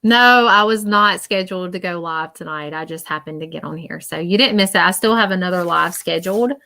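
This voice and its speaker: A woman with a fairly low voice gives a live-stream psychic reading, earnest and reassuring as she circles back to the same points. The sound is dry, with no room around her. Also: brisk, vocal fry, pushed and bright, no room sound. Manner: emotional. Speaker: psychic medium.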